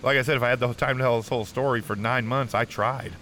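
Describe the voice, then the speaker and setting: A man's voice: medium pitch, fairly even intonation, fast, pushed and bright, slight background noise. A middle-aged man, an interview guest, telling his personal testimony earnestly and emotionally, restarting often and saying "man" a lot.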